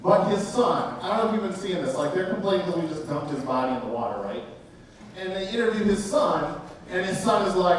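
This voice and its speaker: A man's voice: high-pitched, expressive, fairly quick. A male stand-up comedian doing a brash, profane set on a live club stage, teasing the crowd while they laugh. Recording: echoey, distant from the mic, noisy. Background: audience laughter.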